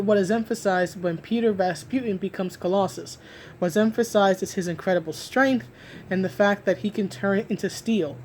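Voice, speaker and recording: Her voice is mid-range and darkish, with a little hiss or hum behind it. Alone on the mic, this woman argues forcefully about comics, frequently starting over and saying things twice to drive her point home.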